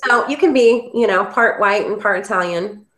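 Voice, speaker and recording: A woman from Kansas City, a guest author, chatting casually and a little haltingly over a video call. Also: medium pitch, fairly bright tone. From Kansas City, Missouri. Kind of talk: casual chat. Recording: echoey room.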